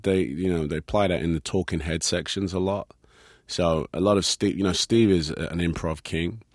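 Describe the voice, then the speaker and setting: British man with a very low voice, easygoing interview guest who laughs often and drifts through "um"s as he tells stories. The sound is dry and close, with no room around it. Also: moderate pace, no room sound. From Britain. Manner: laughs easily, relaxed storytelling with many fillers. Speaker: actor guest. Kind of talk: casual interview chat.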